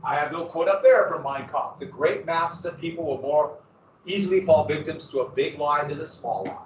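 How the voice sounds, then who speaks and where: A male history teacher lecturing a class in a lively manner, with sarcastic asides to his students. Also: a little high, normal speed, a little hiss or hum. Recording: echoey, distant, dull classroom recording.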